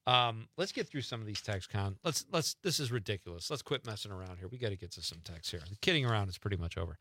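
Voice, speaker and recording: Bright-voiced middle-aged radio host. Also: male voice, on the low side, expressive, quick pace. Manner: easygoing, rambling. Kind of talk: casual radio talk.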